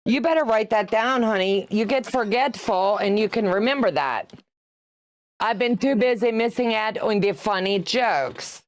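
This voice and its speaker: A woman in her sixties hosts a quilting livestream, her voice a little high, expressive and a little slow, with no echo. She chats casually as she sews, reading out viewer comments, greeting people by name, teasing them and laughing often.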